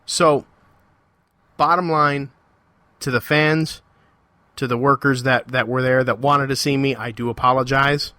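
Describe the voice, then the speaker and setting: Bright-voiced man ranting on his podcast. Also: medium pitch, steady tone, a little slow, long pauses, no echo. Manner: heated, confrontational ranting; repetitive, emphatic phrasing. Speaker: podcast host. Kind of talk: solo podcast monologue.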